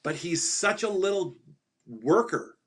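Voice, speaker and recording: A man's voice: sits high, lively intonation, measured pace, fairly bright tone, slightly rough. A middle-aged man speaking as a guest on an interview show. He tells stories with emphasis, repeats his punchlines, and laughs at his own jokes. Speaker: podcast guest, financial advisor. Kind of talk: animated interview storytelling.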